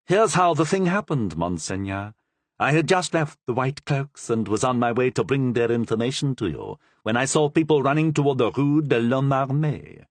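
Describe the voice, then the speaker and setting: A man's voice: medium pitch, lively intonation, moderate pace, dry recording, natural voice. A man doing a keyed-up, deferential friar. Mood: eager. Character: deferential, sly male Capuchin friar.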